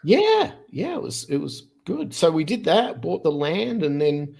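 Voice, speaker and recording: Animated Australian-born man in his fifties. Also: a little high, creaky. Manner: animated, quick storyteller who restarts phrases. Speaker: podcast guest. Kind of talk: casual storytelling in a conversation.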